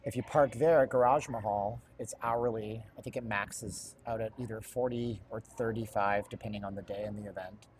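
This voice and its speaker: A man's voice: lowish voice, fairly even intonation, moderate pace, few pauses, noisy background. A middle-aged man giving chatty, rambling live commentary while walking indoors, with jokey asides. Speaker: livestream host.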